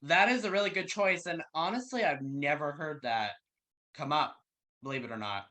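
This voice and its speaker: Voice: mid-range voice, animated, normal speed, bright, forceful tone. An interview host asking questions in a friendly, encouraging way, with short affirmations.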